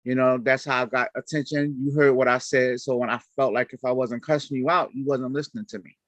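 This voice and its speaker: Candid elder sharing testimony. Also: male voice, medium pitch, a little fast, no echo. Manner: candid, animated, acts out quoted reactions. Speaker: church elder. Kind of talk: personal testimony in discussion. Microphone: video call.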